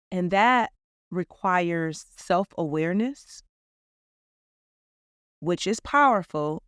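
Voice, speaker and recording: A woman's voice: on the low side, dry recording, clean studio sound. A woman hosting a reflective podcast monologue, talking in an earnest, upbeat storytelling way. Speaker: podcast host.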